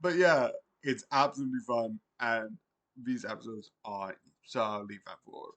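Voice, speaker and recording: A man's voice: medium pitch, normal speed, a bit bright. Casting: British man, streamer, loose rambling review, heavy on fillers and restarts. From Britain. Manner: rambling, many fillers and self-corrections.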